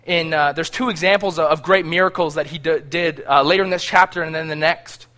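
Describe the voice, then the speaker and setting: A man preaching a sermon, reading scripture aloud and growing loud on the prayers, with frequent restarts. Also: on the high side, fairly even intonation, fairly quick. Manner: frequent restarts and repeated words.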